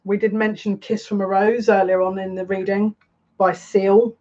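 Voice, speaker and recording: A woman's voice: mid-range voice, level tone, darkish tone. Musing woman reading tarot, dull audio. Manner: musing, halting, repeats words while searching for meaning. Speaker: psychic tarot reader. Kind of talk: live tarot card reading.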